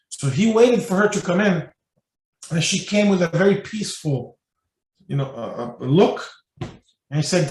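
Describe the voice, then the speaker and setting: A man's voice: sits high, animated, moderate pace. A man giving a spiritual lecture as guest speaker, telling stories loosely with many fillers and restarts. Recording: echoey room, mic at a distance.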